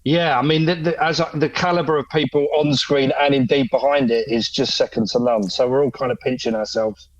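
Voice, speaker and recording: A man's voice: medium pitch, fairly even intonation, a little fast, dry recording, lo-fi sound. A middle-aged man, chatting as an actor guest on a podcast, self-deprecating and laughing often. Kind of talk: casual chat.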